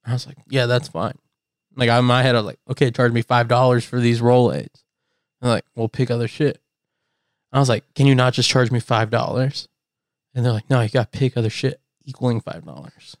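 A man's voice: medium pitch, fairly even intonation, fairly quick, no room sound, clean studio sound. A young man co-hosting a podcast, telling rambling stories with lots of laughter and swearing. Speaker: podcast co-host. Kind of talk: casual chat.

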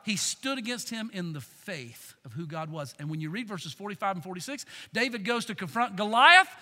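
A male pastor delivers a sermon with a high, ringing, very bright voice. He is emphatic and calls the crowd to shout back. A long hall reverb trails his words. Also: lively intonation, a little fast. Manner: emphatic, calls for congregation response.

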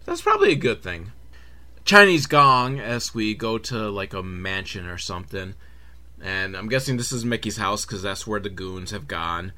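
A man's voice: lowish voice, lively intonation, normal speed, sharp tone. A man hosting a comedic film recap, talking sarcastically and profanely with laughing asides. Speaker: host.

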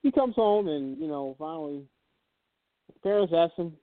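An older man hosting a Christian talk show, telling a story in a relaxed way with many fillers, over a phone line. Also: on the high side, moderate pace, no room sound. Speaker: host.

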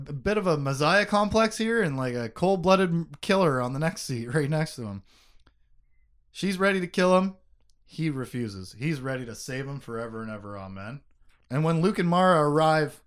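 A man hosting a casual book discussion podcast, animated, laughing often and swearing casually as he reads passages aloud. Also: a little high, smooth. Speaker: podcast host.

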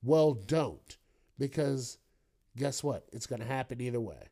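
A man's voice: mid-range voice, expressive, unhurried, a little mellow. A man hosting a podcast, riffing through the news alone in a loose, rambling way, full of swearing and joking asides. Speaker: podcast host. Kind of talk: casual solo news commentary.

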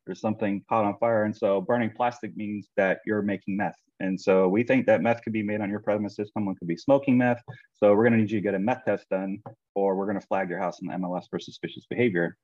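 Low-voiced man telling a story. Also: no echo, highs cut off. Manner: animated, quotes people in his own voice. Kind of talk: casual storytelling.

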